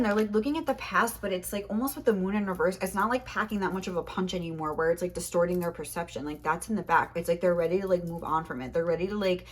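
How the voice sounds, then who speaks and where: A young woman giving a casual tarot reading, rambling and filling her talk with "like", a little out of breath. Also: fairly low pitch. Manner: rambling, heavy use of "like". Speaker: tarot reader.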